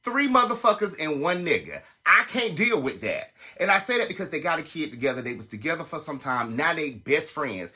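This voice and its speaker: A man telling a personal story to his viewers in a casual, animated and profane way. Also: on the high side, normal speed. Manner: animated, profane, dramatic retelling.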